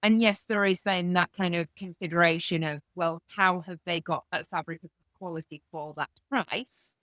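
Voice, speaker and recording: A woman's voice: lowish voice, steady tone, moderate pace, fairly bright tone, no room sound. Effusive Yorkshire woman hosting a podcast. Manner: enthusiastic, agreeable, effusive. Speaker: podcast host. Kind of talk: casual podcast interview.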